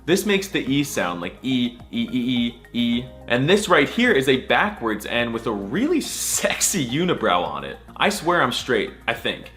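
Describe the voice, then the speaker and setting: A man doing a comedic scripted voice-over that explains letters, with a goofy, crude and mock-outraged manner and drawn-out repeated sounds. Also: medium pitch, very animated, fairly bright tone, faint music behind. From United States.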